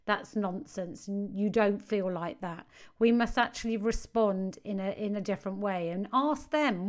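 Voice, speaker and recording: A woman's voice: medium pitch, measured pace. Earnest woman giving parenting advice. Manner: earnest, emphatic, repeats key phrases. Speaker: parenting coach.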